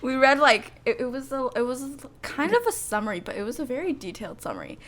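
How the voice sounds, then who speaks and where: A woman's voice: high voice, very animated, fast, a bit bright. A young woman co-hosting a podcast, chatting casually with giggly, self-mocking asides. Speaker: podcast co-host. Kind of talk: casual chat.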